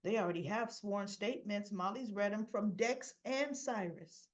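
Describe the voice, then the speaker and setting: A woman's voice: mid-range voice, normal speed. A woman giving a chatty, sassy recap of a soap episode, acting out the characters' lines as she goes. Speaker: soap opera reviewer.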